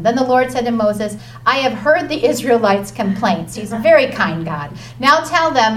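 A woman teaching a lively Bible lesson to children, chatty and enthusiastic, reading scripture aloud. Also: on the high side. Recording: distant mic with faint noise.

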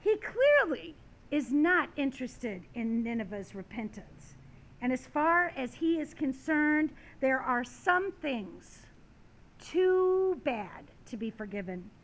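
Woman, sermon, high voice, unhurried delivery, dramatic emphasis. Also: sing-song. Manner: dramatic reading of scripture and stories, rising and falling emphasis. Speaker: preacher.

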